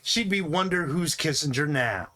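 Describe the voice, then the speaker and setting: A man's voice: on the high side, lively intonation, normal speed, bright, forceful tone. A man voicing a corny male stage comedian in a tabletop game, with hammy, brash showman patter. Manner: hammy, punchline-driven, brash emcee patter.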